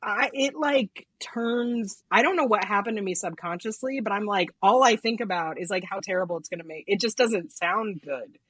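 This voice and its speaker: Husky woman cohost, chatty, keeps restarting sentences, dead dry sound. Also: medium pitch, a bit bright, dry recording. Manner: halting restarts, laughs often, self-deprecating. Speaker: podcast co-host. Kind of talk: casual conversation.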